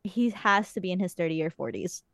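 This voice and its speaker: A young woman podcast host tells casual stories in a chatty way, her voice lowish with lively intonation and a brisk pace. She swears often, and the clean studio recording has no echo.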